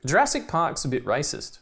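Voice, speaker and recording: Excitable rambling podcast man from Australia. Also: fairly high pitch, gravelly, husky. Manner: rambling, excitable, swears freely, laughs often. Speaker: podcast co-host. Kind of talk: casual film commentary chat.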